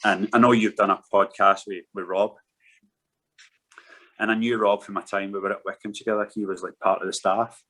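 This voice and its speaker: A man with a somewhat low voice speaks as a podcast guest. He is frank and swears freely as he tells a personal story in a candid, conversational way. He sounds like a man in his thirties. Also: level tone, normal speed, bright, forceful tone, low-quality recording. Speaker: podcast guest, former footballer.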